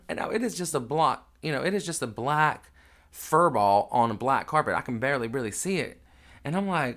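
A grieving man hosting his podcast, telling a raw, emotional family story with a lot of swearing, moving between hushed sorrow and loud, excited retelling. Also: on the high side, a little fast. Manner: candid and profane, swings from hushed grief to loud excited retelling. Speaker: podcast host.

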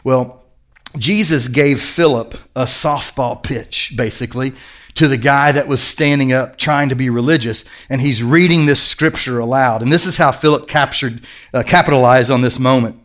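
A man's voice: mid-range voice, moderate pace, fairly bright tone. A middle-aged male pastor preaching a sermon in an earnest, conversational storytelling manner.

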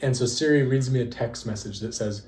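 Speaking a little fast in a mid-range voice, this podcast co-host is a young man sharing casual stories, laughing a lot and performing the dialogue. The recording has an echoey room and slight background noise.

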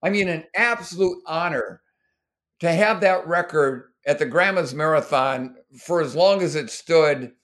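A man's voice: on the high side, measured pace, a bit bright. A middle-aged man from Minnesota, telling race stories in an interview, rambling with many restarts and getting emotional. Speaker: guest, former marathon runner. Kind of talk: storytelling interview.

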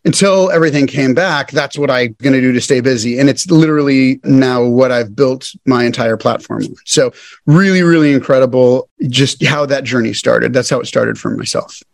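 Man telling a lively story. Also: medium pitch, moderate pace, gravelly, dry recording. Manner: animated storyteller who acts out quoted dialogue. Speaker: podcast guest, entrepreneur. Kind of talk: casual storytelling interview.

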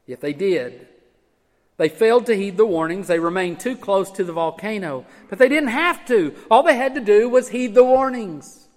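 A man preaching a sermon as pastor, emphatic, swinging from loud urging to hushed low tones. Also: expressive, moderate pace. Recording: church hall with long reverb.

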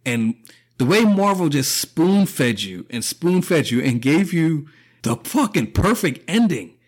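A man's voice: fairly high pitch, sing-song, slow pace. A man hosting a podcast, talking through a casual opinion monologue, emotional and profane, choking up and laughing often. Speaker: podcast host.

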